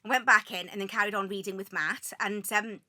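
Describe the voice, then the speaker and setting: Bright-voiced Welsh woman telling anecdotes. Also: mid-range voice, a little fast. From South Wales. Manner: animated anecdotes full of exclamations. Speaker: guest. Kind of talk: casual chat, storytelling.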